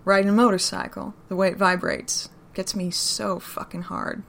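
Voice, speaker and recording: A woman voicing a gruff, guarded man who talks in terse, drawling phrases. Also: medium pitch, little pitch movement, normal speed, a bit bright. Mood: teasing. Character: gruff rough-edged man, guarded and blunt.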